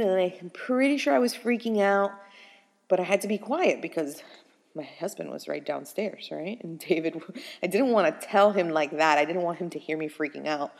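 A woman's voice: mid-range voice, big-room sound. Chatty young woman telling a story. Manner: chatty, animated, laughs often, lots of "like". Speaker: vlogger. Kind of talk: casual storytelling to viewers.

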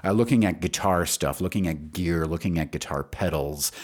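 A man's voice: sits low, normal speed, slightly rough. A man hosting a solo podcast, talking casually in a rambling, self-deprecating way with many fillers, feeling stressed and anxious. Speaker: podcast host.

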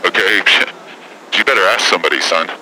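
A man's voice: deep voice, lively intonation, normal speed, bright, forceful tone, slight background noise, exaggerated voice, low-quality recording. A man impersonating a brash, foul-mouthed celebrity woman who calls in to pick fights, rambling and cursing as he talks. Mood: combative. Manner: profane, combative, rambling. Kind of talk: prank call impression.

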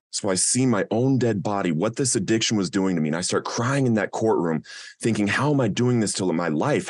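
A man's voice: on the low side, no echo, studio quality. A man telling his own recovery story in an earnest, emotional way. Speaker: speaker sharing a recovery testimony. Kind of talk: personal testimony talk.

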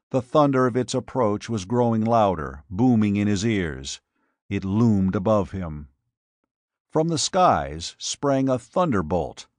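Slow, measured male storyteller. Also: fairly low pitch, a little mellow, dry recording, studio quality. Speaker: audiobook narrator. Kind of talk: scripted narration.

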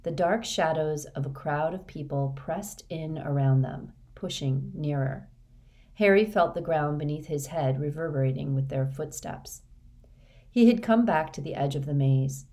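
Deep-voiced female audiobook narrator, measured, even read. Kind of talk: scripted narration.

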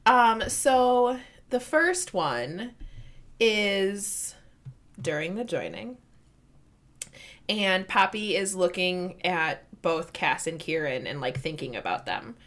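A woman co-hosting a podcast, chatting casually about a book, laughing often and trailing off softly. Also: lowish voice, expressive, takes it slowly. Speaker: podcast co-host.

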